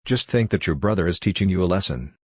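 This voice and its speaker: A man's voice: low-pitched, animated, fast, breathy edge, no room sound, clean studio sound. A man reading the lines of a stern young team owner who speaks bluntly and threateningly in a recap story. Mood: menacing.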